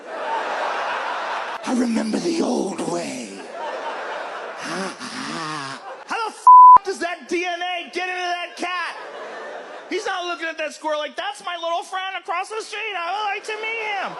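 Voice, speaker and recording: A man performing stand-up comedy, animated and profane, acting out voices in his bits. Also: very high-pitched, heavy background noise.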